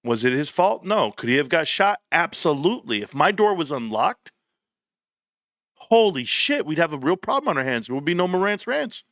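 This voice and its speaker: Blunt, bright-voiced man. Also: a little high, normal speed, no room sound, studio quality. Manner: blunt, animated storytelling with slang. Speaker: livestream host. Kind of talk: casual livestream chat.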